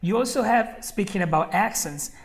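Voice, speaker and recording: A man's voice: high voice, normal speed, vocal fry. A man with an Italian accent mixed with American and Australian tones, teaching an online English lesson. He repeats his key points emphatically and speaks straight to the viewer.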